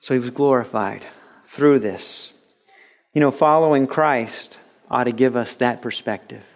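A pastor with a mid-range voice speaks a little slowly, weaving stories into his sermon and animatedly acting out the quotes. This is a recorded sermon heard over radio broadcast.

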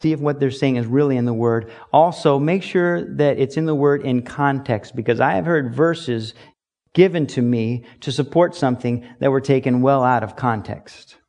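Speaking at a normal speed, a pastor preaches in a conversational style, circling back to important phrases for emphasis. His male voice sits at medium pitch with a somewhat dark tone.

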